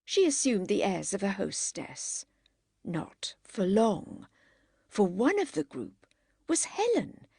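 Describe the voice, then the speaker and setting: A woman reading a classic novel aloud as an audiobook, in measured, expressive scripted narration. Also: mid-range voice, gravelly, breathy edge, no echo, clean studio sound.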